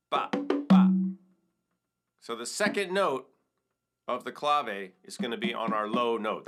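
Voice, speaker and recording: A middle-aged male percussion teacher, his medium-pitched voice pushed and bright, walks through a hand-drum lesson step by step. He counts and sings the rhythms aloud and breaks into vocables while congas and a wood block play behind him.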